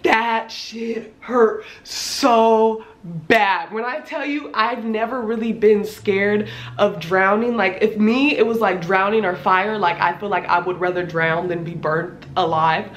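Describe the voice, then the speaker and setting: A woman in her twenties, a little hoarse, retelling a scary experience in a casual, animated storytime vlog, swearing freely. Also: medium pitch, normal speed, echoey room. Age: 20s. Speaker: vlogger.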